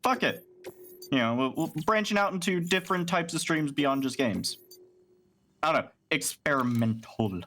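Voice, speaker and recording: A man hosting a casual gaming stream, talking in an animated, rambling, profane way. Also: fairly high pitch, normal speed. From United States. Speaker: streamer host.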